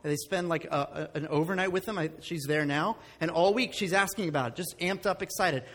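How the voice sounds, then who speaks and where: A male pastor preaching a sermon in a church, animated and conversational, with lots of rhetorical questions. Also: fairly high pitch, normal speed, long reverb tail.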